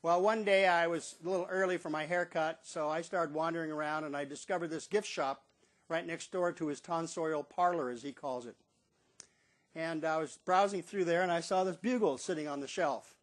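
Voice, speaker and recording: A man's voice: fairly high pitch, normal speed. An older man telling a rambling, folksy personal anecdote in a casual way. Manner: folksy, rambling storyteller who acts out others' lines. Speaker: storyteller.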